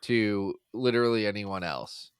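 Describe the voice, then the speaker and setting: A man's voice: on the low side, measured pace, a little hiss or hum. A man in his forties co-hosting a podcast, with playful, jokey banter. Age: 40s. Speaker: podcast co-host. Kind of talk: casual comedic chat.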